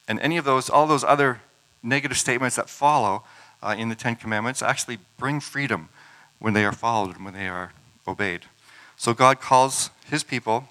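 A man's voice: mid-range voice, bright, forceful tone, poor audio. A man preaching a sermon, retelling scripture stories in a conversational way with casual asides.

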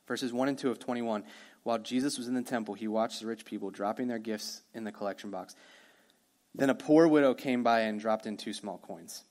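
A man preaching a sermon as pastor, energetic and conversational, with quick asides to the congregation. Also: fairly low pitch.

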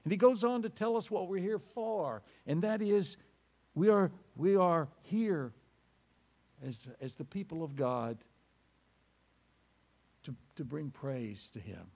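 A pastor preaches with sweeping rises and drops in his slightly high voice. He tells stories dramatically and leans hard on key phrases. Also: lively intonation, takes it slowly, long pauses, darkish tone. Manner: dramatic storytelling with sweeping pitch swings. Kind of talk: sermon.

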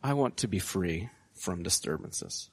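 A man's voice: low voice, expressive, a little slow, slightly rough. A man in his thirties preaching a sermon in a conversational, self-deprecating way, often restarting his sentences and adding asides to the congregation.

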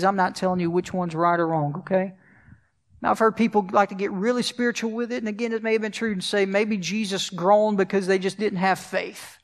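A man's voice: sits high, in a large hall. A male pastor preaching a sermon, asking the congregation questions as he goes.

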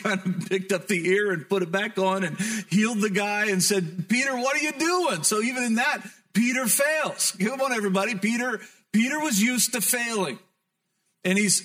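A man with a high-pitched voice preaching a sermon. He tells the story with emphasis and sometimes drops into soft, reflective tones as he speaks to the congregation. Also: normal speed. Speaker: pastor.

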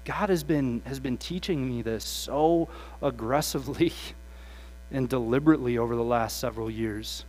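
A man preaching a sermon with passion, swinging from hushed asides to loud, animated quoted voices. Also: mid-range voice, normal speed, rough recording.

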